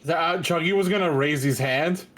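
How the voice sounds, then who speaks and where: Male player, high voice, jokey questions, faint music. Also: normal speed, fairly bright tone. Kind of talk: playing a tabletop game.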